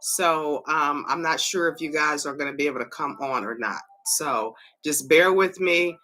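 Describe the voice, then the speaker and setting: Hoarse woman coaxing livestream viewers. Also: low voice, bright, forceful tone. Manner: repeatedly and eagerly calls viewers to join in; halting, with many fillers. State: hoarse, voice cracking. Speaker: livestream host. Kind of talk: casual livestream talk.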